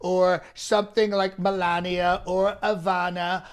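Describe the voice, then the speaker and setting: A comedian playing a boastful, blustering former president, rambling and trading insults in a live comedy stream. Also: male voice, high voice, little pitch movement, measured pace, clean tone.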